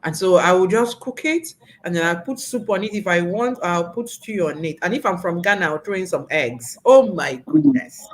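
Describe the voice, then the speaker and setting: A woman hosting an interview show, effusive and animated, laughing often as she talks. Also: fairly low pitch, normal speed, hardly any pauses, rough recording. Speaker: talk show host.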